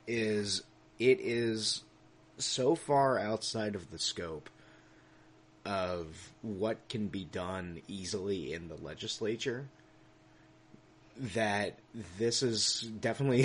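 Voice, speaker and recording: A man's voice: lowish voice, slight background noise. A man co-hosting a podcast in casual political chat, ranting with plenty of swearing, laughing often and tripping over his words. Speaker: podcast co-host.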